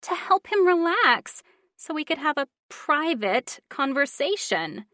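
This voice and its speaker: A woman's voice: sits high, big pitch swings, measured pace, sharp tone, no room sound, studio quality, voice pushed up, full character voice. A woman voicing a scheming young woman who sounds defensive and whiny.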